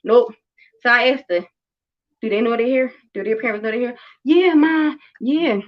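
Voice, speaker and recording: A woman's voice: fairly high pitch, steady tone, a little fast, highs cut off. A woman around thirty, a mother and show host, telling a story in casual chat with blunt, emphatic and heavily profane talk. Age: about 30.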